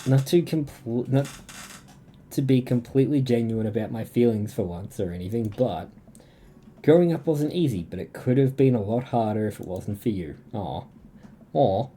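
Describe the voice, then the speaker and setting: A man's voice: mid-range voice, moderate pace, warm tone, a little hiss or hum. A young Australian man streaming a dating game, reading its lines aloud and chatting between them. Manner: reads game dialogue in a plain voice, breaks off to chat and laugh.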